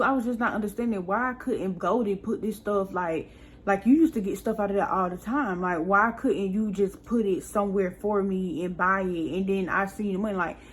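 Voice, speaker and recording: A young woman chats straight to her viewers in a relaxed storytime, piling on asides and sounding fed up as she retells what happened. Her voice sits at an ordinary middle pitch for a woman, with a faint hiss of room noise underneath. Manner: chatty, exasperated retelling with many asides. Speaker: vlogger. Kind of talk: casual storytime.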